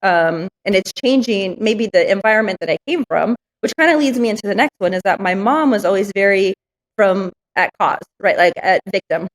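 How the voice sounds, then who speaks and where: A woman's voice: medium pitch, expressive, normal speed, poor audio. A woman business owner telling candid stories in an interview, frank and reflective with many fillers.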